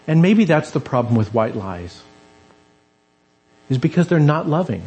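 A man's voice: mid-range voice, sing-song, moderate pace, mellow, low-quality recording. A man preaching a conversational sermon in a church, acting out the quoted voices as he goes.

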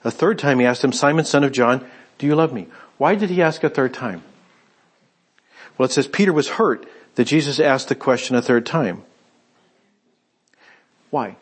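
Husky-voiced male pastor preaching. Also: medium pitch, moderate pace, pauses often. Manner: conversational storytelling, retelling scripture with quoted voices. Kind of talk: sermon.

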